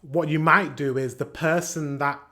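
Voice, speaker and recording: A Northern English man commenting on a video in a relaxed, rambling way, his voice sitting a little higher than most men's. He chats to his viewers and breaks into laughter mid-sentence. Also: normal speed. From north of England. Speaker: reaction video host.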